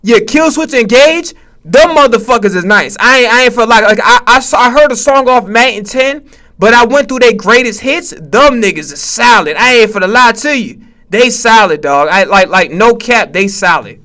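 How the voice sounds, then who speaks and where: High, bright-voiced male streamer ranting. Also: animated, normal speed. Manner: profane, stammering, rant-like trash talk. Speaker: Twitch streamer. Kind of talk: live stream reaction commentary.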